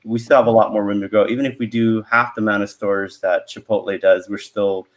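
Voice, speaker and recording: A man speaking as a guest expert on a casual video call, relaxed and talking in loose restarts. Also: fairly low pitch, a little fast. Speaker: franchise growth expert guest.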